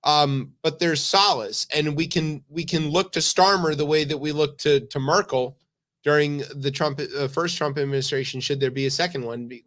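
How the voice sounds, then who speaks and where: A man co-hosting a comedic news talk show, wry and deadpan with casual swearing. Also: medium pitch. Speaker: co-host.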